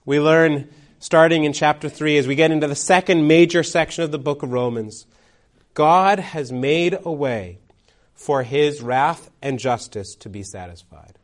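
A man preaching a sermon, telling a courtroom story dramatically, swinging between loud and hushed. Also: fairly high pitch, a little slow.

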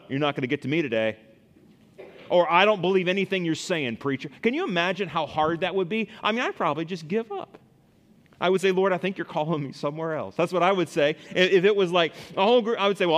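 Middle-aged male pastor, lively sermon delivery, slightly high voice, loud on key points. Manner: animated preaching, rising loud at emphasis, acts out scoffing listeners.

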